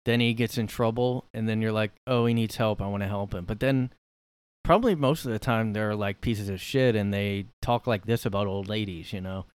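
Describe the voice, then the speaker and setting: Here a man with a mid-range voice hosts a podcast from his room, and the tone is clean with no room sound. Reacting to a clip, he mocks it in disbelief, rambling along with plenty of fillers and side comments.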